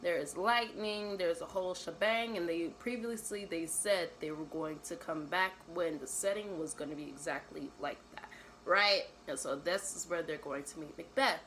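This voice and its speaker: A woman's voice: lowish voice, normal speed, fairly bright tone, slight background noise, low-quality recording. A young woman retelling a classic play in casual slang, mixing read verse with her own summary and often adding "right?".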